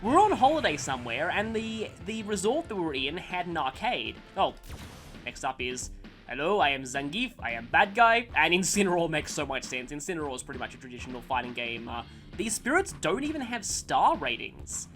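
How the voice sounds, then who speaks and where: A man chats over his gameplay in a loose, rambling way, poking fun at himself and breaking off mid-story to react to the game. His pitch moves around a lot. Clear game music plays under his voice. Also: sing-song, a little fast, fairly bright tone. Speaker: gaming channel host. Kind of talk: let's play commentary with storytelling.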